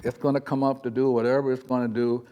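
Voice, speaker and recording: A man's voice: mid-range voice, little pitch movement, quick pace, lo-fi sound. A man teaching a live audience in a loose, rambling, chatty way, often acting out little quoted voices as he talks. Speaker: spiritual teacher. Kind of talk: informal spiritual talk to a live audience. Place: talk in front of an audience.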